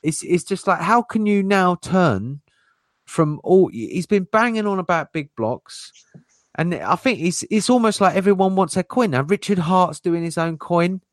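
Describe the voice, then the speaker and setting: A man's voice: sits high, expressive, measured pace, no echo. Rambling man, dry close voice. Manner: rambling, heavy on fillers like "you know". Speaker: co-host. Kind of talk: casual livestream chat.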